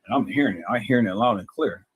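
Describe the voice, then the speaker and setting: A man's voice: lowish voice, fast talker, slightly rough, no room sound. A man talking to his viewers in a casual, preachy way, often stammering and repeating words. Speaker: video host.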